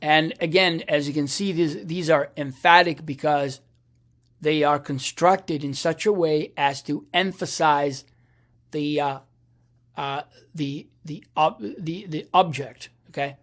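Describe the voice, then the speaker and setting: A man teaching a lesson, patient and halting, often restarting a phrase and checking in with the listener. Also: fairly high pitch, fairly even intonation, fairly bright tone. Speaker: language teacher. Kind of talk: explaining a lesson.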